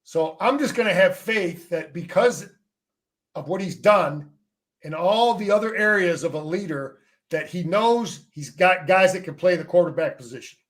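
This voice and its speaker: This is a middle-aged man with a fairly high voice who has coached and played the game. He talks sports casually and with force, tripping over his own restarts and throwing in a mild curse to make a point. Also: expressive, normal speed. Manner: emphatic, repeats words and restarts, salty. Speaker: former player and coach, guest.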